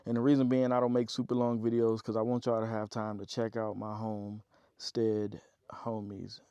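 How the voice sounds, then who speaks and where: A man's voice: fairly low pitch, monotone, normal speed, warm tone, clear, resonant tone, no room sound, muffled recording. A man vlogging from his off-grid homestead, rambling casually to his viewers and worn out from digging. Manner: rambling, talkative, addresses viewers as y'all. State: tired after digging.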